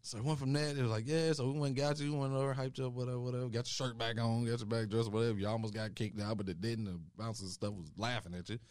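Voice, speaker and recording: A young man on a podcast mic recounts a wild night in loose, casual talk, jumping into higher voices whenever he quotes his friends. His pitch sits in the middle range, and the sound is dry and close with almost no room. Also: rapid-fire, few pauses, no echo. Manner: animated storytelling, acts out quotes with rising pitch. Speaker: podcast co-host. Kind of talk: casual storytelling chat.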